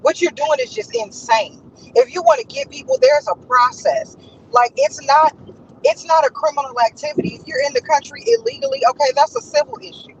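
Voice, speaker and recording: This female host, whose high voice carries a Los flavor, delivers impassioned, indignant commentary and repeats points for emphasis. Her pitch swings widely and her pace is fairly quick, over dull, lo-fi audio with slight hiss or hum.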